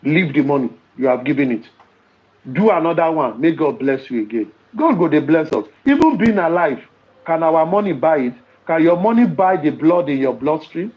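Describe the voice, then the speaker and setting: A man's voice: on the high side, expressive, normal speed, lo-fi sound. A man with a Nigerian accent in casual podcast talk, preaching and telling stories with rhetorical questions.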